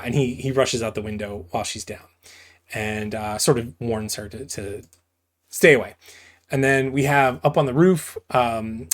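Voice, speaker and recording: A man giving a casual, rambling commentary on a comic book. He talks conversationally, correcting himself as he goes. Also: mid-range voice.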